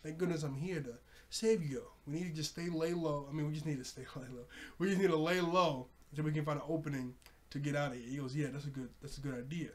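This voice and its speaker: A young man casually recapping a cartoon episode, laughing often and jumping up in pitch when surprised. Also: fairly even intonation, fast. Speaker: show reviewer.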